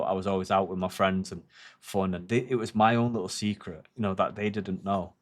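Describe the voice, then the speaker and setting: A man in his thirties chatting casually on a livestream, rambling and reflective with plenty of swearing. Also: low voice.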